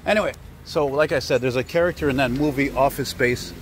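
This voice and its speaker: A man's voice: medium pitch, fairly quick, a little hiss or hum. A man rambling casually as he walks a city street, full of fillers and digressions. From Canada. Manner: chatty, digressive, filler-heavy. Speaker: vlogger. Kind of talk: rambling walking vlog.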